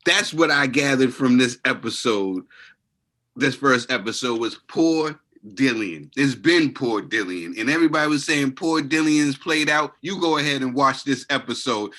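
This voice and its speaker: A man's voice: mid-range voice, a bit bright. A man co-hosting a boxing podcast, chatting casually with playful catchphrases and call-outs to viewers. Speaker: podcast co-host. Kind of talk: casual chat reacting to a documentary.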